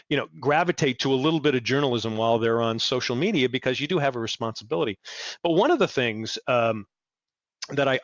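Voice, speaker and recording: A man in his sixties, a podcast guest, telling stories in a lively way and acting out what people said. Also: no echo. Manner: animated, acts out quoted exchanges in a higher voice. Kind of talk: storytelling interview chat.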